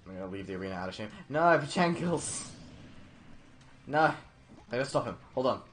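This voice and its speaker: A young man giving excited, stammering live commentary on his game stream, laughing often. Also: medium pitch, a little fast.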